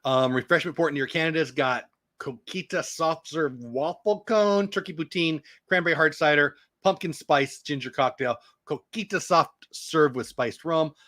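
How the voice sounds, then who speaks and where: A man's voice: fairly high pitch, moderate pace, a bit bright, dry recording. A middle-aged man hosting a casual morning news show, rambling through long lists and joking about his own pronunciation. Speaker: show host.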